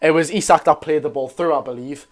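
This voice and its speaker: A man's voice: fairly high pitch, quick pace. Geordie man commentating a football watch-along. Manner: chatty, self-correcting, reads out viewer comments. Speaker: live watch-along host. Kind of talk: live football commentary and chat.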